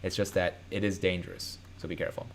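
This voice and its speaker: A man with a low voice hosts a casual live stream and reads viewer comments aloud. He rambles loosely, with lots of fillers and self-corrections, and a faint hiss sits behind his voice. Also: flat delivery, fast.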